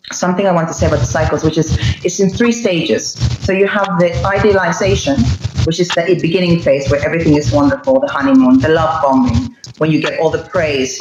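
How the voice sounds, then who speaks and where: A woman's voice: deep voice, sing-song, moderate pace. Emphatic woman on a noisy, roomy remote mic. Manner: emphatic, acts out quoted lines. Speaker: podcast guest. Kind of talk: explanatory casual talk. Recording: roomy muffled mic with loud background noise.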